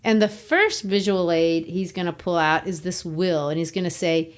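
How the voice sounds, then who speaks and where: A woman co-hosting a literature podcast, retelling scenes in an animated, storytelling way. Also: lowish voice, moderate pace, hardly any pauses. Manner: animated storytelling, laughs often. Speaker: podcast co-host.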